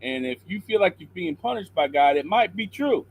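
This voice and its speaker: A man's voice: high voice, big pitch swings, a little fast, a little hiss or hum, rough recording. Earnest preachy man on a call. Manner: earnest, preachy, quotes scripture. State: slightly hoarse throat. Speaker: caller. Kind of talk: call-in chat and Bible encouragement.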